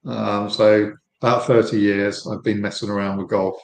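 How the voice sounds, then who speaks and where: A man in his fifties from the United Kingdom with an English accent, a relaxed guest on a podcast interview over a video call. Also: fairly low pitch, normal speed, gravelly, reverberant, poor audio. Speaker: guest, company founder. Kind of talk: casual interview chat.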